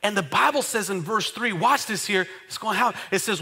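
Bright, high-voiced preaching man. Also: fairly quick, slightly rough. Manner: emphatic call-and-response preaching. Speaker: pastor. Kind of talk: sermon.

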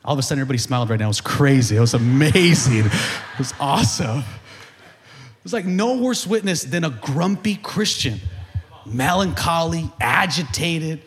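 High, lively preaching man in a reverberant hall. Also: moderate pace. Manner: animated preaching, building to shouts. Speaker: pastor. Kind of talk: sermon.

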